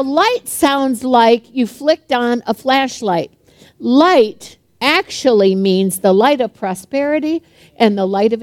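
An older woman preaching a sermon to a congregation, fast-talking, chatty and humorous, often laughing between points. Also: sits high, no echo.

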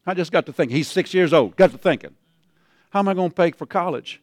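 A male pastor preaching a sermon, calling out to his congregation and building repeated refrains into shouts. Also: a little high, animated, fast, no room sound, studio quality. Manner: calls out to the congregation.

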